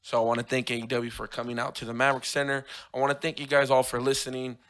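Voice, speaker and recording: A man hosting his own podcast in casual solo chat, his voice hoarse from losing it, rambling and correcting himself as he talks. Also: mid-range voice, completely flat delivery, fast, a bit bright. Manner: rambling, self-correcting, fan talk. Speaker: podcast host.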